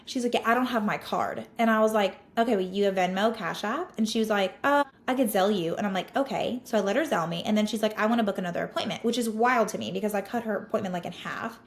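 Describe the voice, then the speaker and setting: A woman, a podcast host telling a client story in a casual, animated, exasperated way with lots of "like". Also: mid-range voice, fast, hardly any pauses.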